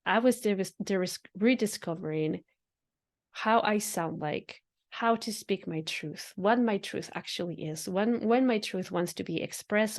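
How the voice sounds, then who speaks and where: A podcast host with a fairly low, slightly mellow voice reflects earnestly on spirituality in a monologue. She repeats phrases and laughs often.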